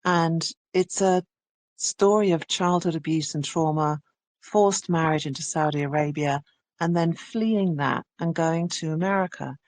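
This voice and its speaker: A woman's voice: deep voice, unhurried, a little mellow, no echo. A woman audiobook narrator from England, talking enthusiastically in an interview. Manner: enthusiastic, restarts phrases. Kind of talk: conversational interview.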